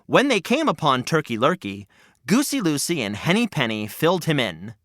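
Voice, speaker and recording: A man hosting a children's story podcast, narrating in a playful, animated way. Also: on the high side, moderate pace, no echo, studio quality.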